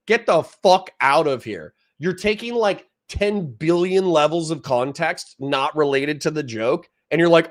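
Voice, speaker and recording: A man's voice: on the high side, animated, measured pace, hardly any pauses. A young man running a live stream, reading chat aloud and arguing back in a profane, combative, mocking way. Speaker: streamer reacting to a political clip.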